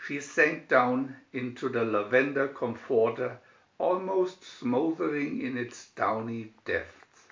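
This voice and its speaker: A man reading a fairy tale aloud from a picture booklet, expressive storytelling with announced picture numbers. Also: medium pitch, slow pace, vocal fry, roomy sound, dull audio. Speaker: storybook reader. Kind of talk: slow read-aloud fairy tale narration.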